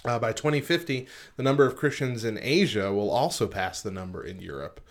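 A man with a somewhat low voice co-hosts a casual podcast chat. He reads numbers from a list, pausing often on "uh", then breaks off into relaxed comments of his own. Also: gravelly. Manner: reads figures from a list with frequent "uh" pauses, then comments informally. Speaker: podcast co-host. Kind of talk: casual podcast chat, reading statistics aloud.

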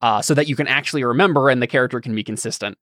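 A man's voice: medium pitch, very fast, fairly bright tone, no room sound, studio quality. A man hosting a casual podcast chat and talking about running games, explaining in long, loose thoughts. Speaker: podcast host and game master.

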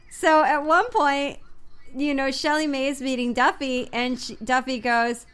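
A young adult woman chatting casually as a vlogger, animated and playfully mocking. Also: high-pitched, normal speed, clean tone. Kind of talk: casual chat.

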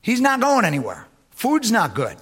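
A man preaching a sermon as pastor, swinging between loud emphatic lines and low, quiet asides. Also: huge pitch swings, moderate pace, breathy edge.

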